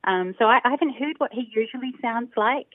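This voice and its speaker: A woman from New Zealand, a linguist guest, gives explanatory interview answers over a dry, tinny phone line with no echo. Her voice sits a little high, and she explains in a thoughtful, measured way with frequent ums.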